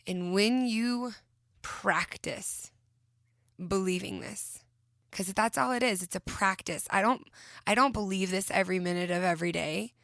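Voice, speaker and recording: Bright, dry-voiced encouraging woman. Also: mid-range voice, dry recording. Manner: gentle, encouraging, slowing into soft whispered visualizations. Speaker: podcast host. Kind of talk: guided self-help talk.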